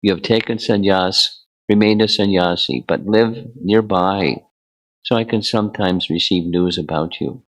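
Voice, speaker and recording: A man voicing a dignified, cultured mother who answers her son calmly and firmly. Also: deep voice, unhurried, low-quality recording.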